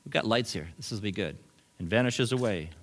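A middle-aged pastor gives a lively sermon in the sanctuary, alternating forceful declarations with soft asides and the occasional short chuckle. His voice sits on the low side, and his delivery is a little fast.

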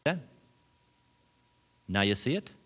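Preaching in a church sanctuary, a middle-aged pastor is animated, trading loud emphasis for quiet remarks and chuckling briefly now and then. He has a lowish, husky voice and a slow pace.

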